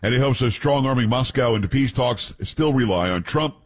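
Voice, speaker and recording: Husky blunt talk radio host man. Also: mid-range voice, a little fast. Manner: joking, rambling asides with co-hosts; blunt, frank opinions. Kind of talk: opinionated talk radio, reading news aloud.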